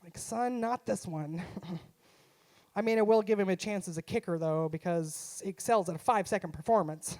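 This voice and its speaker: A woman's voice: lowish voice, moderate pace, a little mellow. A middle-aged woman, a mom, performing a punchy, self-deprecating stand-up comedy set live on a theater stage through a stage microphone. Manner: punchy, self-deprecating, acts out her son's voice.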